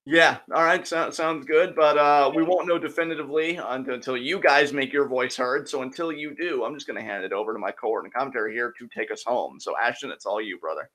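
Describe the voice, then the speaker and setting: A man's voice: medium pitch, a little fast, hardly any pauses, fairly bright tone. A young man co-hosting a casual podcast, joking in a playful, mock-dramatic way. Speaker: co-host.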